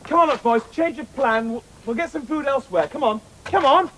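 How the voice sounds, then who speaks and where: A man's voice: very high voice, brisk, pushed and bright, slight background noise, rough recording. A man hosting a children's comedy, chatting and coaxing his puppet friends. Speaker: host and puppeteer.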